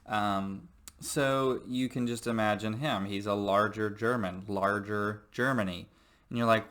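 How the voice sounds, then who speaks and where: A man's voice: on the low side, steady tone, unhurried, fairly bright tone. A man who teaches history, giving a recorded lecture in a joking, rambling way with many fillers.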